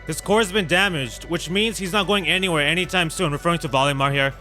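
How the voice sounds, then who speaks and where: A man hosting a gameplay video, chatting casually and excitedly with viewers in slangy talk while he plays, with faint game music behind him. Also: on the high side, quick pace. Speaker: gaming channel host. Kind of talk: casual let's-play commentary.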